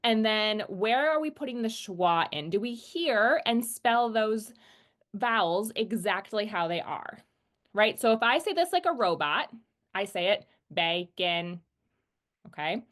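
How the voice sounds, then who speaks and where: A woman teaching a phonics lesson, explaining patiently and slowly acting out sounds. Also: a little high, lively intonation, fairly bright tone.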